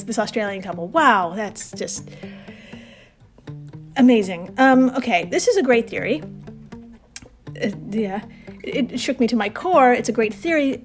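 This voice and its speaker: New woman hosting a podcast, somewhat high voice, loose and profane, soft guitar music underneath. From New York. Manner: chatty, swears freely, laughs at own asides. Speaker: podcast host. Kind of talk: casual storytelling podcast.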